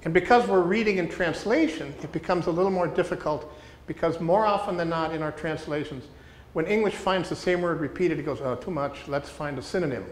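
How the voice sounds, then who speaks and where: A man teaching a small group how to read scripture closely, speaking deliberately and repeating key words for emphasis while asking the room questions. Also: high voice, a little hiss or hum. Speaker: teacher leading a workshop for pastors. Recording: echoey room with faint ambience.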